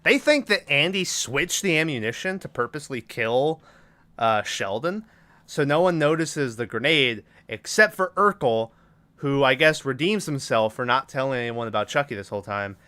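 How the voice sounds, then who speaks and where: Bright-voiced man recapping a movie. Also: medium pitch, expressive, normal speed. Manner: swears often, giggly. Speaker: podcast co-host.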